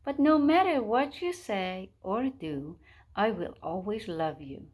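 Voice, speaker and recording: A woman playing a gentle, patient mother hen. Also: medium pitch, animated, slow. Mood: tender.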